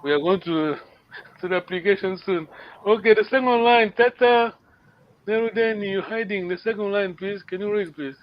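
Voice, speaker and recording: High-voiced man teaching a language lesson. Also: moderate pace, dull audio. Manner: patient, checks understanding with repeated "yes?".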